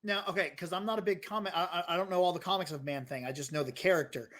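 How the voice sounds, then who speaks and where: A man co-hosting a podcast in casual chat, relaxed and a bit hesitant, often stalling with fillers. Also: sits high, racing. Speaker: podcast co-host.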